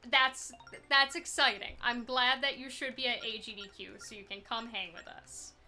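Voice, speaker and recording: A woman's voice: on the high side, moderate pace, bright, forceful tone, faint music behind. A woman streaming a speedrun, chatting loosely and answering chat as she plays, self-deprecating and giggly. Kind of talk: casual live gameplay commentary.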